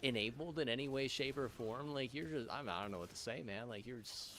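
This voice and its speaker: A man's voice: mid-range voice, fast, bright, forceful tone, slight background noise. A man streaming, in a rambling rant full of swearing, restarts and filler words.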